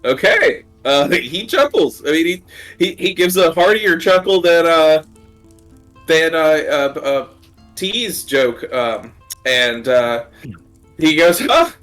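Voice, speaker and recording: A man narrating as game master in a tabletop game, halting and quick to laugh. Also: a little high, lively intonation, a bit bright, soft background music.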